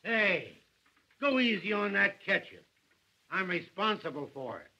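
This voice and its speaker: A husky, teasing newsroom reporter. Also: male voice, high voice, very animated, a little slow, sharp tone, exaggerated voice, rough recording.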